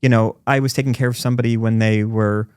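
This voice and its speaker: A man in his forties, a podcast guest telling stories in fast, animated conversation. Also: fairly low pitch, clear, resonant tone, no echo. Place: recording studio.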